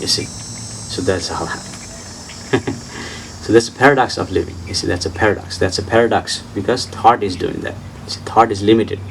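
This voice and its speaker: Man, spiritual teacher, low voice, insistent repetition, broken English, faint background hiss. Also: moderate pace, vocal fry, distant mic, low-quality recording. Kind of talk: informal outdoor talk answering questions.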